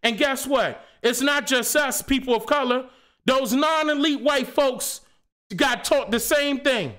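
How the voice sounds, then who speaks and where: A man's voice: very high-pitched, measured pace, a bit bright. A man hosting his own live stream, speaking in a passionate, preachy rant full of rhetorical questions and casual slang. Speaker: channel host.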